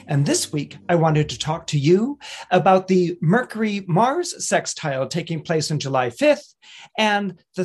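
A male astrologer and weekly horoscope columnist, telling a fable in a chatty, animated way and chuckling as he goes. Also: high-pitched. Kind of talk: casual storytelling talk.

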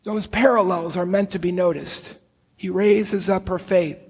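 High-voiced preacher man in a reverberant hall. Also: fairly even intonation, slightly rough. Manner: earnest storytelling preacher, slow deliberate emphasis. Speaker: priest. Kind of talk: sermon.

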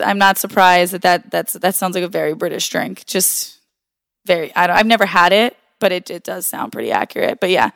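Brief: woman podcast co-host, mid pitch, blunt and laughing, dry close mic. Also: gravelly, fairly bright tone, clean tone, dry recording. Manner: laughs often, blunt and swears casually. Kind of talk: casual chat.

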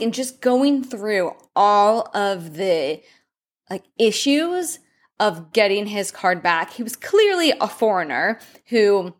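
A woman hosts her own podcast as a nutrition coach and tells an everyday story. She speaks at a middle pitch and wanders through the story in a chatty, easygoing way. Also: expressive, slow pace.

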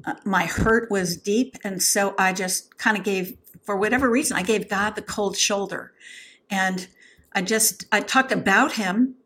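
A woman's voice: medium pitch, measured pace, a bit bright. Candid woman podcast co-host. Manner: open and personal, with many fillers and restarts. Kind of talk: candid conversational podcast talk.

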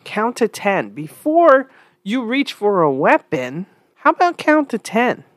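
A woman giving an earnest spoken commentary, asking rhetorical questions with sighs and lively pitch swings. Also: unhurried, dry recording.

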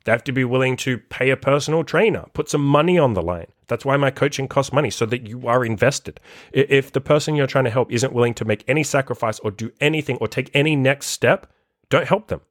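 A man speaking at a mid pitch gives blunt, profane self-improvement advice in a loose monologue. He leans on "like" and acts out little quotes as he talks. The sound is dry and close, with no room echo. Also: brisk. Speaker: self-improvement coach and podcast host. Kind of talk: casual motivational monologue.

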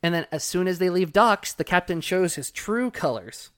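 Casual swearing podcast co-host, smooth voice. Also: mid-range voice, normal speed. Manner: chatty, casual, profane, lively storytelling. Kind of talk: casual podcast chat recapping a cartoon.

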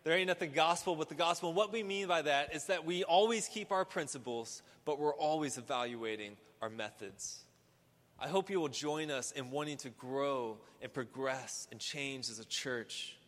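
A male pastor delivering a sermon, building from quiet reflection to emphatic, repeated preaching. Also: a little high, moderate pace. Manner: rising to emphatic, repetitive preaching. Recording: long hall reverb.

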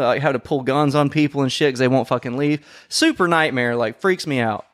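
Man on a podcast, casual storytelling, profane and animated, mid-pitched voice, dry close sound. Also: fast, hardly any pauses, no room sound. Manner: profane, animated, acts out quotes loudly. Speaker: podcast co-host.

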